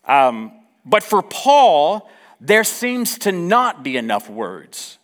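A male pastor preaching a sermon, reading scripture aloud with lively, joking asides to his congregation. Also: fairly high pitch.

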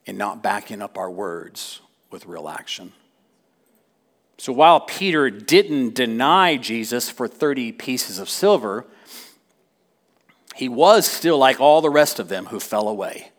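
A man preaching a sermon in church, animated, with wry asides and dramatic quoted lines. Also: medium pitch, creaky.

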